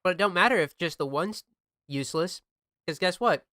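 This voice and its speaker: A man's voice: sits high, lively intonation, moderate pace, sharp tone, no echo, studio quality. A young man chatting casually while streaming a game, laid-back, joking and swearing often. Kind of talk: casual chat while gaming.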